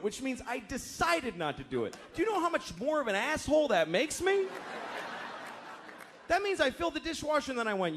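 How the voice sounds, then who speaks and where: A married man doing a stand-up routine, ranting in an exasperated way that swings from a low mutter up to loud outbursts. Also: huge pitch swings, brisk, a little hiss or hum. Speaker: stand-up comedian. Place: comedy stage before an audience.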